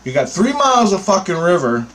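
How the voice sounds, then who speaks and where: A man's voice: sits high, very animated, a little fast, a bit bright, low-quality recording. A man telling an angry, profanity-laced story about his bird photography, talking in a heated, sarcastic way. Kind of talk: angry ranting anecdote.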